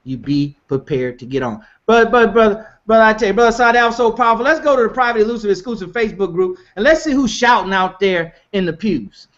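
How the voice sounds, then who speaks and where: Fervent high-voiced male host. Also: fast, few pauses, a bit bright, lo-fi sound. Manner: fervent, exclamatory, repetitive calls to the audience. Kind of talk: preacher-style live broadcast hosting.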